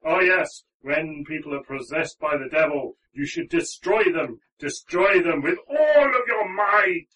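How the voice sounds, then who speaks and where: A man's voice: on the high side, animated, a little slow, few pauses, recorded from a distance, low-quality recording. A man putting on a ranting German-accented priest. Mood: zealous. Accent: vaguely German. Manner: loud ranting sermon. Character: tall thin fanatical male priest preaching.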